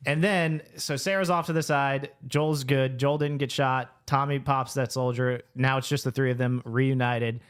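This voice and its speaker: Young male podcast co-host, smooth clear voice, mid pitch, rambling animated storyteller. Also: normal speed, few pauses. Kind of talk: casual storytelling chat.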